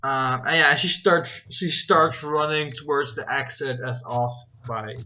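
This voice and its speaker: A man's voice: mid-range voice, measured pace, sharp tone. A man narrating as game master, rambling with many fillers and checking rules aloud as he goes. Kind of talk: narrating a tabletop game over voice chat. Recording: dull, lo-fi voice chat with faint noise.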